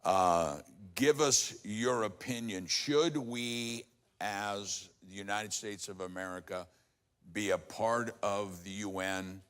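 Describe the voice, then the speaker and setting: A man with a low voice hosts the interview as a pastor. He answers the guest with short exclamations and puts his own questions in a long, rambling way. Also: takes it slowly, smooth. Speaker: pastor and host. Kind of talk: interview hosting.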